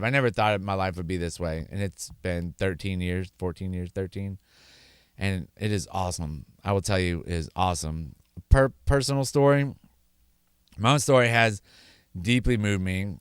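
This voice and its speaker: Earnest low-voiced man giving testimony. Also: smooth, dry recording, clean studio sound. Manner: earnest, repeats words for emphasis. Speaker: speaker sharing his sobriety story. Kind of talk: personal testimony.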